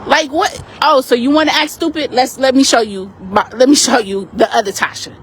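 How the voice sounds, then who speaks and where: Woman activist, high voice, animated and forceful recounting, outdoor street. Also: brisk, a little hiss or hum. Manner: emphatic, animated retelling. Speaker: community activist. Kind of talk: heated street complaint to police. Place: outdoors on a city street by a parked car.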